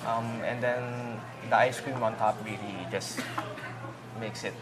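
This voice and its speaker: A man's voice: mid-range voice, fairly even intonation, measured pace. A man, a diner owner chatting casually and agreeably. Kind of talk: casual chat. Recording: noisy diner background.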